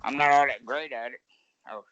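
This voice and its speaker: Louisiana guy praying on a call, sharp bright smooth voice, dull lo-fi sound, humble and simple. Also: mid-range voice, fairly even intonation, brisk. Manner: plain, humble, repeats phrases. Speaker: group member leading prayer. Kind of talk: spoken prayer. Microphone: video call. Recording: dull video-call audio.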